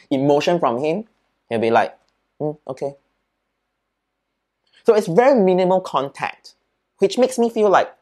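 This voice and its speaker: Animated Singaporean man telling stories. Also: fairly high pitch. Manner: animated storyteller, peppers speech with "right?" and "lah". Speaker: interview guest. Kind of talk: casual storytelling in an interview.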